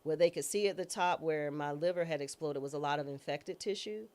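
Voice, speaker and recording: A woman's voice: low-pitched, brisk, a little mellow. A woman judge as an interview guest, telling a personal story in a candid, slangy, self-mocking and dramatic way. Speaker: interview guest, judge and former public defender.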